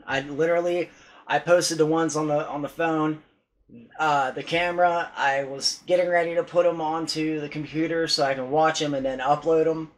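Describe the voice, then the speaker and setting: A man's voice: a little high, steady tone, normal speed, poor audio. A man vlogging casually about paranormal recordings, rambling and hesitant, with many restarts and some swearing. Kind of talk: casual vlog talk.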